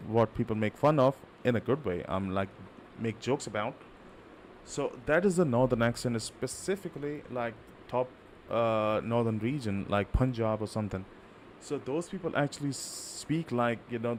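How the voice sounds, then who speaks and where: An Indian man talks casually to his live-stream viewers, rambling from thought to thought with plenty of fillers and restarts. His voice sits at a medium pitch. A faint hiss of noise runs underneath. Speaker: livestreaming gamer.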